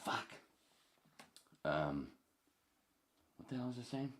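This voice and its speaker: A man's voice: mid-range voice, wildly swooping pitch, slow pace, pauses often, background noise. A man hosting a podcast, rambling through a joke, swearing freely and chuckling at himself. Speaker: podcast host. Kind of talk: casual rambling podcast monologue.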